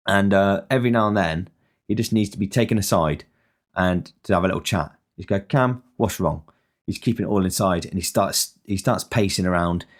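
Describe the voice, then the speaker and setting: A man talking alone in a casual monologue as a podcast host, rambling and frank and swearing often. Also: lowish voice.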